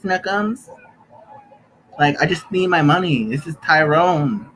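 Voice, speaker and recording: Man doing a syrupy sweet-talking caller, soft and coaxing. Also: a little high, animated, slow, slight background noise. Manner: sugary, coaxing.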